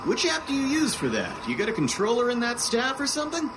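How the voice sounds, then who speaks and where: A man's voice: very high voice, wildly swooping pitch, brisk, noisy background, heavily acted. An actor playing a laid-back young man who talks in a casual, joking, slangy way, as audio drama acting.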